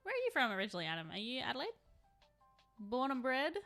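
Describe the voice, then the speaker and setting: A woman's voice: fairly high pitch, sing-song, fast talker, gravelly, fairly bright tone, soft background music. A young adult woman chatting casually on a live stream while she paints, rambling and laughing often.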